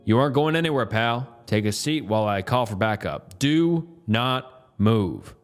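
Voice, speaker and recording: A man's voice: mid-range voice, expressive, normal speed, smooth, faint music behind, lightly acted. A man voicing a stern, hostile man in his fifties who barks orders in a cop-like tone. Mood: threatening. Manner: shouting, cop-like barked orders.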